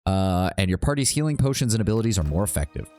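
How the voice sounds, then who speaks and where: A man's voice: lowish voice, very animated, quick pace, warm tone, soft background music. A man casually commentating his game playthrough, blunt and chatty, swearing freely and reading dialogue choices aloud. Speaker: streamer. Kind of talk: casual let's-play commentary.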